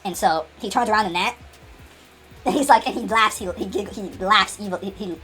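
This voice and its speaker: A woman's voice: mid-range voice, a little fast, a bit bright, soft background music. A woman telling an unscripted comedic story, rambling with many restarts and laughs.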